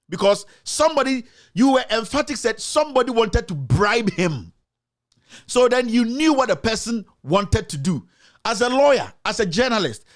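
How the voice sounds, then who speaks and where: A man hosting a commentary show, mocking and mixing English with Twi. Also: high voice. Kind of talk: live commentary.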